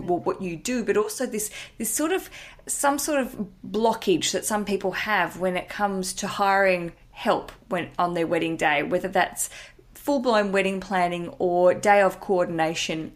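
A woman hosting a podcast in a relaxed, chatty way. She jokes at her own expense and swears now and then without fuss. Her voice sits at a middling pitch. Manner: chatty, self-mocking, swears casually. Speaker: podcast host. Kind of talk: casual chat.

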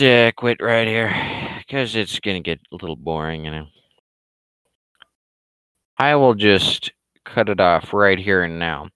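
Sarcastic man with a scratchy throat, hosting a livestream; low, smooth voice, rambling and swearing. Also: bright, forceful tone, dry recording. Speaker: cartoonist hosting a weekly live show. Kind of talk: casual livestream commentary.

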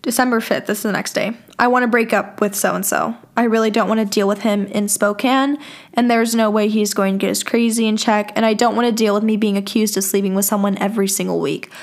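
A woman's voice: mid-range voice, fairly even intonation, a little fast. A young woman telling a personal story on her podcast, chatty and casual, with plenty of filler words and swearing. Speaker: podcast host.

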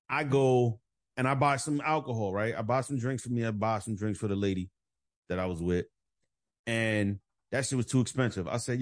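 A man hosting a podcast, telling a bar story in casual, profane, animated chat and acting out the voices of the people in it. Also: mid-range voice. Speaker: podcast host.

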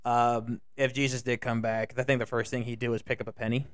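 A man's voice: medium pitch, level tone, brisk, smooth, no echo, clean studio sound. A man co-hosting a podcast in casual, profane, rambling chat, laughing often. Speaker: podcast co-host.

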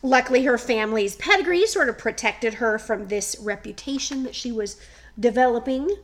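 A woman's voice: on the high side, moderate pace. Chatty middle-aged woman podcaster. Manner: chatty, storytelling, laughs often. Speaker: podcast co-host. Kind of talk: casual chat.

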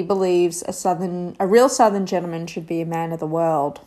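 A woman's voice: fairly low pitch, fairly quick, hardly any pauses, warm tone. A woman casually recapping a reality show, rambling and sarcastic, with lots of fillers.

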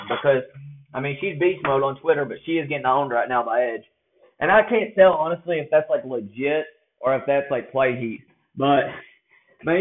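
A man with a drawl talks through his opinions in a loose, blunt ramble, circling back and restarting sentences as he goes. His voice sits a little high for a man. The audio is thin and tinny, like a phone line. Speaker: wrestling commentator giving predictions. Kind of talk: casual opinion monologue.

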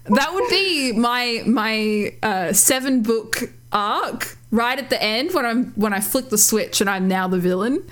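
Animated swearing woman podcast co-host. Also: a little high. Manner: animated, swearing, laughing, acting out quotes. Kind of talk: casual chat.

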